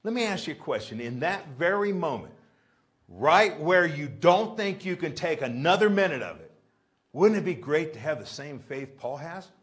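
A man's voice: on the high side, lively intonation, normal speed, a bit bright. A male pastor, preaching a sermon and often asking the congregation rhetorical questions. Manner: acts out pleading prayers in a raised voice. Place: church.

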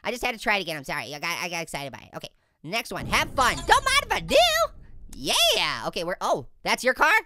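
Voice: huge pitch swings, fast, bright, forceful tone, dry recording. A performer voicing a hyperactive, wisecracking cartoon orange, joking and punning through game commentary. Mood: silly. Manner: goofy, punning, giggly, high-energy. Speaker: gaming let's-play host. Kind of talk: let's play game commentary.

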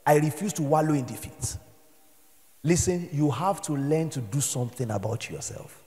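A man's voice: on the high side, moderate pace. Nigerian man preaching in an echoey hall. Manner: swings from soft storytelling to shouted exhortation. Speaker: pastor. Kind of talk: sermon.

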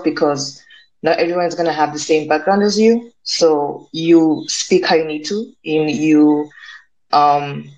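A woman from Africa, a student, who speaks in a measured, polite way in a casual live audio chat and asks questions. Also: deep voice, darkish tone, poor audio.

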